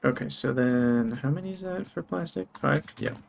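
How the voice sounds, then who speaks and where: Gravelly-voiced man streaming a game. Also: mid-range voice, normal speed, slight background noise. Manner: thinks aloud while planning, brightens to greet chat. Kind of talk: live gameplay commentary.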